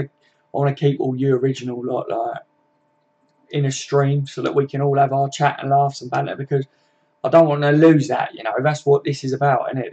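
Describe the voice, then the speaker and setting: A man's voice: medium pitch, darkish tone. A man with a Scouse accent chatting bluntly on a live fan stream, reading viewers' comments out and swearing freely. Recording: dull lo-fi stream audio.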